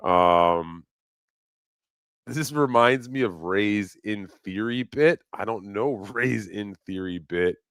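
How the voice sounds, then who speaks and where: A man's voice: lowish voice, slow pace, a bit bright, clear, resonant tone, no echo. A man hosting a casual live stream, rambling and swearing freely, often breaking into laughter. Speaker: livestream host.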